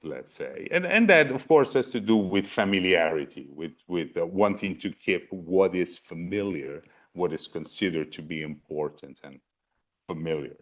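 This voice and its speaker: A man's voice: deep voice, expressive, normal speed. A man giving a philosophy talk on a video call, thinking aloud with repeated words and asides. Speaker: panel presenter. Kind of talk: philosophy talk in a virtual program. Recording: dull lo-fi video call audio.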